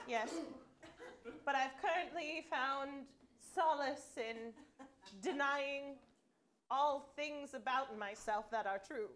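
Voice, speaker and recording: A woman's voice: high-pitched, slow. A woman performing live improv comedy on a theater stage, with a dry, mock-serious delivery. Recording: loud noise on a live stage recording. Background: audience laughter.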